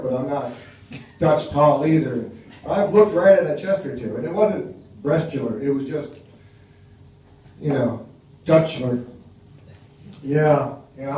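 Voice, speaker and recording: An American man works a small café bar crowd with a wry, chatty stand-up set. His voice sits a little high and comes from some distance off the mic. The room rings with heavy echo and a faint noise underneath. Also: warm tone. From United States. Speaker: stand-up comedian.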